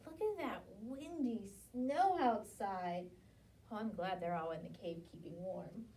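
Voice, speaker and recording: A woman librarian reading a picture book aloud at children's story time, animated and sing-song. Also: mid-range voice, a little slow, distant mic, a little hiss or hum.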